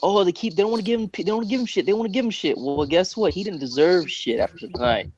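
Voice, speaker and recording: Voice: mid-range voice, fast talker, a little mellow. A co-host in a casual fight chat, giving blunt, joking commentary. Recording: dry lo-fi audio.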